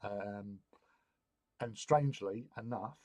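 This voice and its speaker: A man's voice: fairly low pitch, takes it slowly, a little mellow, dry recording. A man telling a loose, rambling anecdote in casual chat while hosting a hobby stream.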